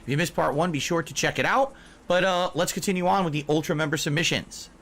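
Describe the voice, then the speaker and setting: A man's voice: a little high, fast talker, fairly bright tone. A middle-aged man hosting a casual reaction stream, who tells stories, laughs often and reads out viewer messages. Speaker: streamer host.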